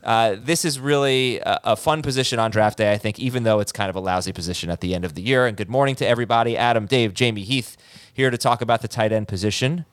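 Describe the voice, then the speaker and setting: Upbeat male podcast host, smooth voice. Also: fairly low pitch, no echo. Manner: upbeat, talkative, fast asides. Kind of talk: casual sports podcast chat.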